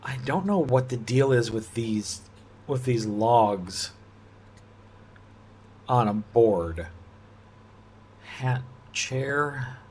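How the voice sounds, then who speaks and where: A man thinking aloud as he works through a puzzle, musing and halting, often restarting his sentences and laughing softly. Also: medium pitch, expressive, slight background noise. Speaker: puzzle-solving video host.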